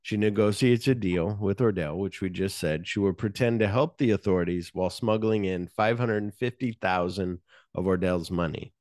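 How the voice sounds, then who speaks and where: Low-voiced guy rambling through a movie plot, swears a lot, dry close sound. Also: normal speed, no echo. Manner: animated scene retelling, frequent swearing. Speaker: podcast host. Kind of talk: casual movie-discussion chat.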